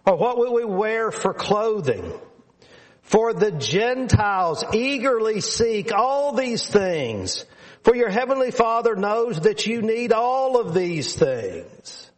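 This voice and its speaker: A man's voice: high-pitched, very animated, slow. A man preaching a sermon to his congregation in an earnest, emphatic way, repeating phrases for stress.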